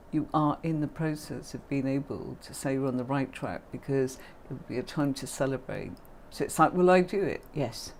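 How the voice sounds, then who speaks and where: A woman's voice: extremely low pitch, a little mellow, slight background noise. A middle-aged woman, hosting a livestream and teaching tarot in a chatty, affectionate way. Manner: chatty and affectionate, calls viewers darling and my lovely. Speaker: tarot reader and livestream host.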